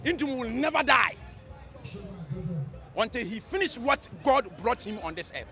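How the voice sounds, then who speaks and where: Fiery Ghanaian man, high bright voice. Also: moderate pace. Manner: animated, emphatic, mixing English with local speech. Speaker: interviewee. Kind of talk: impassioned street interview. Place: outdoors in a city street.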